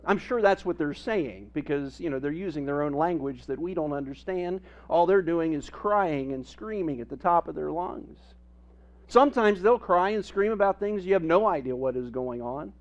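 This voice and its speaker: A man preaching a sermon as pastor, telling family stories with humor and animated emphasis. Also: a little high, normal speed. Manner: storytelling with humor, animated and lively.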